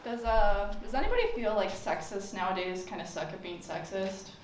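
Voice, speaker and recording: A woman's voice: mid-range voice, moderate pace, slight background noise. A young woman doing a stand-up comedy set, telling stories in a sarcastic, playful way. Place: campus forum room with audience. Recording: echoey room from far off. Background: audience laughter.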